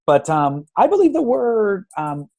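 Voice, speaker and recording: A man's voice: high-pitched, unhurried, gravelly, low-quality recording. A man in his thirties, a guest in a conversational interview, talking animatedly and acting out stories with many restarts. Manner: animated, acts out anecdotes; frequent restarts and fillers. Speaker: guest speaker on engagement.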